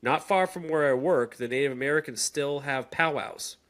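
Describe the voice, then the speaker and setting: A man reading aloud a grown woman's spooky childhood story, dramatic and swinging in pitch and pace. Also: moderate pace, a bit bright, natural voice.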